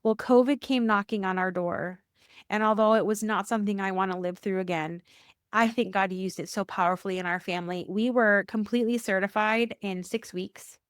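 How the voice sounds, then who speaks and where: A woman who works at a church, a podcast guest telling a personal faith story, animated, acting out quoted dialogue and repeating phrases for emphasis. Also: brisk, clean tone, dry recording, clean studio sound. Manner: animated, acts out quoted dialogue with rising pitch. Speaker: church worker.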